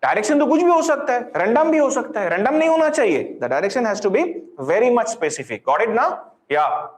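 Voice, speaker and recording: A man's voice: very high voice, very animated, racing. A man with an Indian English accent teaching physics in a live online class, encouraging and full of repeated praise, dropping into Hindi. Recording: roomy echo.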